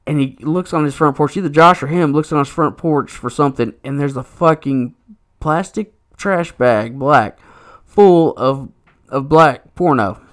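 A man with a fairly high voice speaks a little slowly while co-hosting a podcast. He rambles through a story in casual conversation, swearing often and padding his speech with "like" and "you know."

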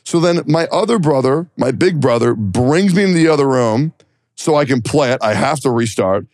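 A young adult man co-hosting a podcast, telling stories in a casual, animated and profane way. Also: medium pitch, moderate pace, no echo, studio quality. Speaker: podcast co-host. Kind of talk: casual chat.

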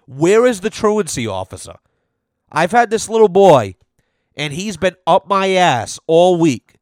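Guy ranting and cussing on his podcast, kinda high voice, dead dry mic. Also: clear, resonant tone, dry recording. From Rhode Island. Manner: profane, exasperated ranting. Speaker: podcast host. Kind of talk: casual monologue.

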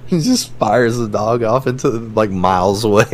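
A man's voice: medium pitch, measured pace, a little hiss or hum. A young man co-hosting a podcast, chatting casually and laughing a lot. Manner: laid-back, laughs a lot, animated when storytelling. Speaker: podcast co-host. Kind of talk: casual chat.

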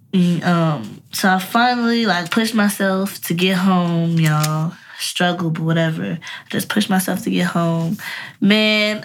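A woman's voice: on the low side, fairly bright tone. A young woman telling a rambling, profane personal story to her viewers in a casual vlog. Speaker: vlogger.

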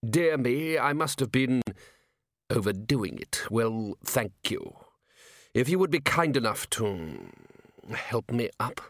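A man reading an audiobook voices an aloof, weakened older male ruler who murmurs slowly and coolly. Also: medium pitch, lively intonation, dry recording, studio quality. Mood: languid. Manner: slow, murmuring, cool.

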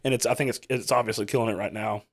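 A man's voice: fairly low pitch, fairly even intonation, very fast. A man hosting a podcast, telling a story in a loose, rambling way with many restarts. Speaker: podcast host. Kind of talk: casual chat.

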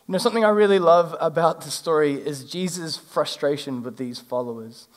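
A male pastor, preaching a sermon in a church and retelling the story in a lively, casual way. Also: a little high, fairly quick, few pauses. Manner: animated, acts out the characters in a casual retelling. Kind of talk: sermon with scripture reading. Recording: long hall reverb.

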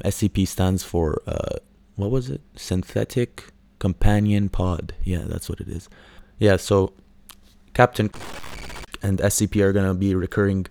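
A man's voice: sits low, creaky, darkish tone, dry recording. A man hosting a casual solo podcast, rambling with lots of fillers, swearing and mocking impressions. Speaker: podcast host.

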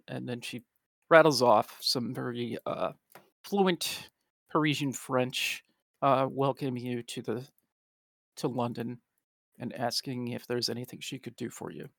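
A man narrating as game master of a tabletop game, relaxed and full of pauses. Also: medium pitch, gravelly, dry recording.

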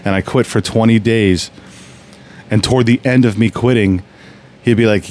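A man's voice: fairly low pitch, brisk, darkish tone, a little hiss or hum. A man telling stories in a casual podcast chat, rambling and restarting often.

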